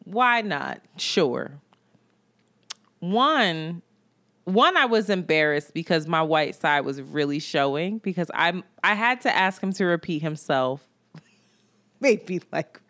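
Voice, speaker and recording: A woman co-hosting a podcast, telling a dating story in casual, animated chat, swearing and acting out what people said. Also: lowish voice, slow pace. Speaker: podcast co-host. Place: New York.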